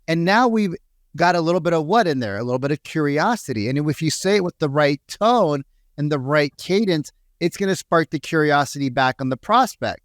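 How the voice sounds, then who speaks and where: A man coaching real estate agents on a podcast, animated, acting out phone calls in quick voices. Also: on the high side, dry recording, clean studio sound. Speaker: sales coach, podcast co-host. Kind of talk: energetic coaching talk with acted-out quotes.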